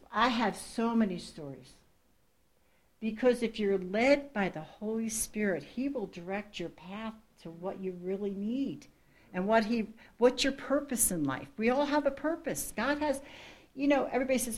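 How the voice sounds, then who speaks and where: A woman's voice: fairly high pitch, lively intonation, moderate pace. A woman missionary speaks to a congregation in her own words. She tells her testimony in an earnest, rambling way. She often breaks off and restarts sentences, and laughs at herself now and then. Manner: rambling, with frequent restarts and asides.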